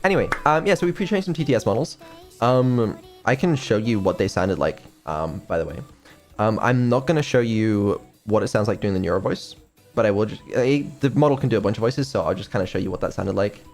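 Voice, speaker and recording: A man chatting casually on a stream as a developer, hesitant and filling pauses with ums, swearing now and then. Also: fairly low pitch, expressive, a little mellow, soft background music.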